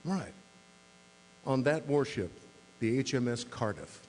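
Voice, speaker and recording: A man's voice: mid-range voice, sing-song, takes it slowly, darkish tone. A man voicing a small, cheerful British man who recruits for rugby and talks in breezy, chummy slang, heard with long hall reverb and a faint hum.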